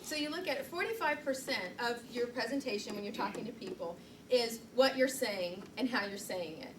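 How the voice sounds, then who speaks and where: A woman's voice: on the high side, lively intonation, fairly quick, noisy background. Chatty woman trainer, distant roomy recording. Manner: chatty, self-deprecating, laughs often. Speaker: public speaking trainer. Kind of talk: live training presentation. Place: meeting room, recorded from the back. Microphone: far camera mic.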